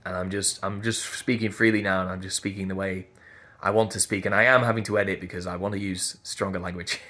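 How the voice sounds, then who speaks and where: A man's voice: low voice, fairly even intonation, quick pace, bright, forceful tone. A man, a voice teacher giving an earnest, emphatic motivational talk and repeating phrases as he thinks aloud. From Yorkshire.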